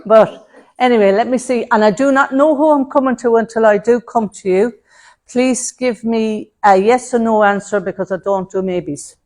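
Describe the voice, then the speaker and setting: A woman's voice: fairly high pitch, normal speed. Chatty woman medium. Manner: chatty, warm terms of address, relays messages in quotes. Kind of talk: platform mediumship demonstration. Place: spiritualist centre hall before an audience.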